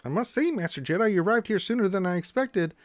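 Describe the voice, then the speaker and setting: A man voicing a nasal, high-pitched frog puppet as a comic impression on a live stream, with a strained falsetto tone. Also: expressive, fast talker, no echo, soft background music. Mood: scheming.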